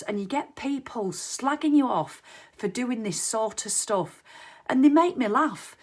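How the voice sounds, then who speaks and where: A woman giving a casual motivational monologue, chatty, swearing freely and acting out everyday scenes. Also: fairly high pitch. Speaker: motivational vlogger.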